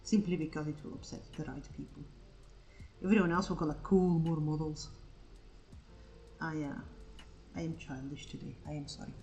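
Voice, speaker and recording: A woman's voice: low-pitched, fairly quick, gravelly, a little mellow, muffled recording, faint music behind. A woman in her forties chatting casually on an art stream while she paints. She rambles and swears freely.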